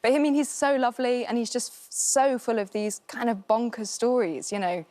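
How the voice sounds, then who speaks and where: A woman's voice: on the high side, steady tone, moderate pace, dark tone, no echo. Woman, 30s, bubbly talk-show guest, giggly with loose fillers. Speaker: actress guest. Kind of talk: casual chat interview. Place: television studio.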